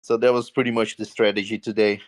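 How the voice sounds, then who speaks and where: A man's voice: on the low side, little pitch movement, quick pace. A man, a sim racing driver, giving his first post-race interview. He speaks hesitantly, with many fillers, and laughs often.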